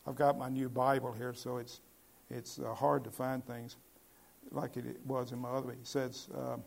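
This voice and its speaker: A man's voice: medium pitch, flat delivery, moderate pace, gravelly. A man preaching a Bible-teaching sermon in a conversational way, asking his listeners questions and building to emphatic points.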